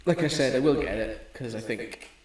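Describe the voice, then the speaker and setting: A man's voice: mid-range voice, normal speed, roomy sound. A young man, co-hosting a podcast in casual chat and retelling stories with lots of swearing. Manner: swearing, storytelling, animated retelling. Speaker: podcast co-host.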